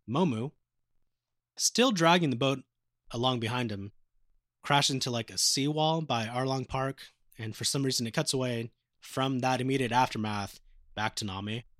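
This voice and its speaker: A man's voice: medium pitch, a bit bright, no room sound, studio quality. Casual man recapping anime episodes. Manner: casual, profane retelling, acting out quotes. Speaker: podcast co-host.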